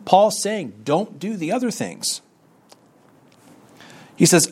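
A man's voice: high-pitched, very animated, slow pace, pauses often, darkish tone, slightly rough. A man giving a conversational sermon as a Bible teacher, asking rhetorical questions and reading scripture aloud.

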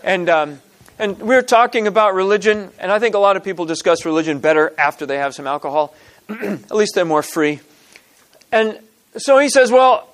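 A man giving an informal teaching talk to a group, with halting restarts, frequent throat clearing and pointed rhetorical questions. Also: sits high. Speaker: speaker at a church teaching session.

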